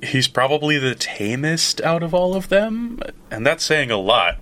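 A man chatting casually, playful and quick to joke and laugh. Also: a little high, very animated, bright, forceful tone. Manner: playful, laughs easily, joking. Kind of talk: casual chat.

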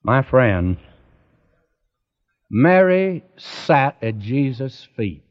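A man preaching a sermon in a slow, emphatic cadence that rises and falls, directly addressing his listeners. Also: medium pitch, very animated. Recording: dull lo-fi recording.

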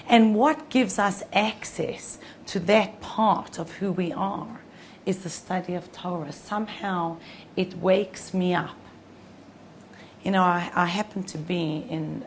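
A woman's voice: lowish voice, a little hiss or hum. A woman teaching Torah to a group, telling a personal story in a conversational way with frequent restarts.

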